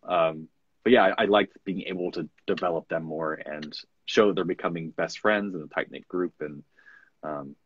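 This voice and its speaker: Deep, husky male narrator, dry sound. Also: fairly bright tone, lo-fi sound. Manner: candid and reflective, speaks frankly. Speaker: audiobook narrator. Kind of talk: conversational interview.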